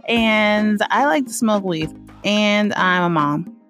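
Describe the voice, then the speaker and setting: A woman's voice: mid-range voice, slow pace, a bit bright, soft background music. A woman hosting a casual solo podcast from her apartment, laid-back and laughing often, drawling some words. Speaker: podcast host. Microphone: podcast microphone at home.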